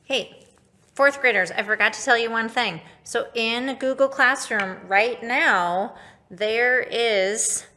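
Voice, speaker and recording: Bright-voiced music teacher, a woman. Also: fairly high pitch, takes it slowly. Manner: upbeat, instructive, speaks directly to pupils. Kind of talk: online recorder lesson for children.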